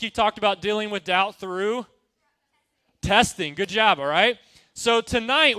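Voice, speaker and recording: Youth pastor, male, high bright voice, casual energetic sermon style, dry sound. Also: clear, resonant tone, no room sound. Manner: energetic, conversational, asks the room questions.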